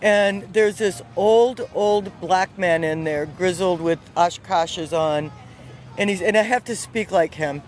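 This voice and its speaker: A woman, not from the South, telling a personal story with lively, animated energy, outdoors on a city street. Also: on the low side, takes it slowly. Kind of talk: casual spoken storytelling.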